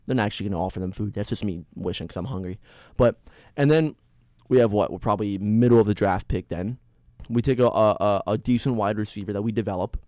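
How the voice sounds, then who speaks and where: Excitable rambling man, dry sound. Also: fairly low pitch, fast talker, no room sound. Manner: excitable and rambling, with many restarts. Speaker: sports podcast host. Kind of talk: casual solo sports rant.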